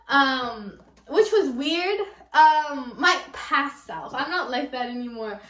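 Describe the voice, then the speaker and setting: A high-pitched young woman with a Californian accent rambles excitedly through a book review, full of "like" and "um". She sits a little back from the camera mic, and the room around her is echoey. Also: unhurried, distant mic. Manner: gushing, rambling, lots of "like" and "um". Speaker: book vlogger. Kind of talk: casual book review chat.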